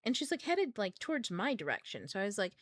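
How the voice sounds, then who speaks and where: Young woman host, chatty and giggly, lively pitch, close dry mic. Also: quick pace, dry recording. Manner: chatty, laughs often, many fillers. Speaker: book club host. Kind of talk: casual storytelling livestream.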